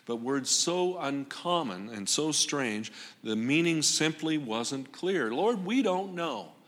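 A man preaching a sermon with dramatic pauses and rising emphasis on repeated phrases. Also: mid-range voice, a bit bright. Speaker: pastor. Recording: long hall reverb.

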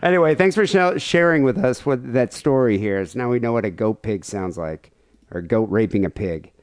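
Lively, laughing podcast host, man. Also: medium pitch, normal speed, smooth, dry recording, clean studio sound. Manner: laughs often, swears casually. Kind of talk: casual comedy podcast chat.

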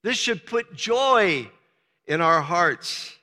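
A man preaching a sermon as pastor, swinging from soft, low talk to loud, emphatic shouting. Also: expressive, drawn-out words. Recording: long reverb of a large hall.

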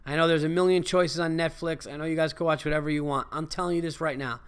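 A man hosting his podcast, a stand-up comedian talking in a casual, animated and profane monologue that rambles. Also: a little high, fast talker, clear, resonant tone.

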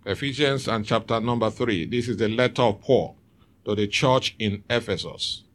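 A man's voice: on the low side, normal speed. Man preaching a sermon. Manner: preaching with call-and-response. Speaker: pastor. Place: church.

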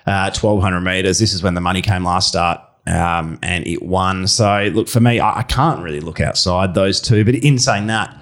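Rambling Australian man, lowish voice. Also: steady tone, normal speed, few pauses, fairly bright tone. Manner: rambling, hesitant, full of restarts. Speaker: racing podcast co-host. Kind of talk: casual betting chat.

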